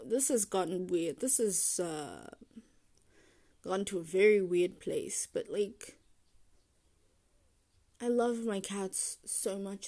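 A woman's voice: mid-range voice, lively intonation, slow pace, long pauses, warm tone. A young woman hosting a solo podcast, rambling casually, trailing off and correcting herself as she goes. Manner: meandering, self-deprecating, trails off and restarts. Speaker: podcast host.

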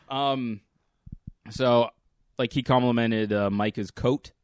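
A man's voice: medium pitch, fairly even intonation, takes it slowly, clear, resonant tone, no room sound. A man co-hosting a podcast, telling stories in easygoing casual chat and laughing often. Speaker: podcast co-host.

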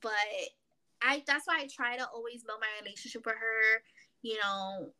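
Young woman podcast co-host, bright forward tone, chatty storyteller. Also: fairly high pitch, moderate pace, clean tone. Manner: animated storyteller, acts out her mother's voice. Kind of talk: casual chat.

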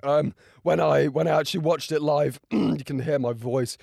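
A young man with a hoarse, strained voice, talking through a race in a casual, excitable and rambling way, full of fillers and restarts. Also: a little high, moderate pace, no echo, studio quality. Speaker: motorsport video creator. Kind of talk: casual reaction and race breakdown.

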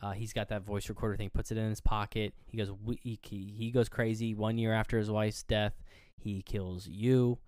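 Young man, movie podcast co-host, smooth clear voice, dry close sound, swears a lot, animated recaps. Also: fairly low pitch, normal speed, dry recording. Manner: animated retelling, swears freely, acts out lines. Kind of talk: casual movie review chat.

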